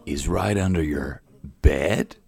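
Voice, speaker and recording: A man voicing a dramatic movie-trailer narrator, slow and portentous. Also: a bass voice, vocal fry, a little mellow, faint music behind, voice pushed down, full character voice.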